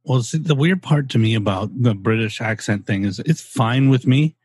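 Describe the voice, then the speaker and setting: A man's voice: mid-range voice, normal speed, darkish tone, breathy edge, dry recording. A man co-hosting a podcast, talking in an opinionated, rambling casual way with some swearing. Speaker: podcast co-host. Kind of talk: casual chat.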